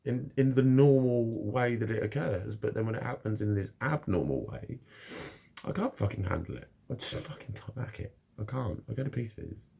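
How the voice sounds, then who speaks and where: A man's voice: mid-range voice, expressive, moderate pace, gravelly, dark tone, husky. A man talking frankly and bluntly in a casual monologue, swearing constantly as he opens up about his own experiences. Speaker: vlogger.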